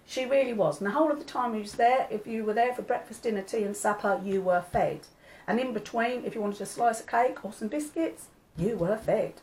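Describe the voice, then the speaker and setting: A woman's voice: on the high side, fairly quick, a little mellow, poor audio. Older woman, grandma vlogger, chatty, homely, rambling. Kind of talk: casual chat.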